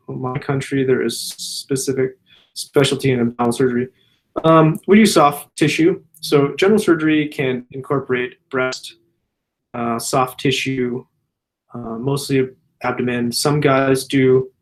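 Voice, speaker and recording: Man, general surgeon, casual Q&A, swears a lot, mid-pitched voice. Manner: profane, loose storytelling. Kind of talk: casual Q&A chat.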